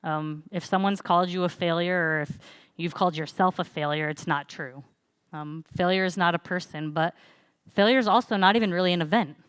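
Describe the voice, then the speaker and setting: A young woman giving a casual church sermon, telling a story in a chatty, relaxed way with light laughs and fillers. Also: fairly low pitch, a little fast, clean tone, no echo. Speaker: church speaker.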